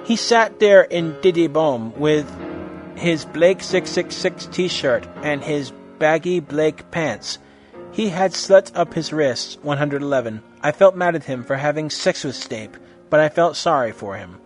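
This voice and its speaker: A man reading a story aloud in a mock-serious, expressive way. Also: a little high, a little slow, soft background music. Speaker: reader.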